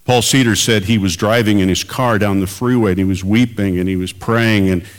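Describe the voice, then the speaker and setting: A man's voice: on the low side, fairly even intonation, a little fast, clear, resonant tone. A man preaching a sermon as pastor and radio preacher, earnest and building to emphatic peaks.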